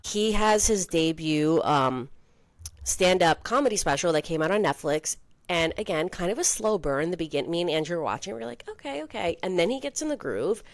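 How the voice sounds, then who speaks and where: A young woman co-hosting a podcast in casual chat, peppering her talk with "like" and quick asides. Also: on the low side, lively intonation, dry recording. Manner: chatty, heavy use of "like", quick asides. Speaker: podcast co-host.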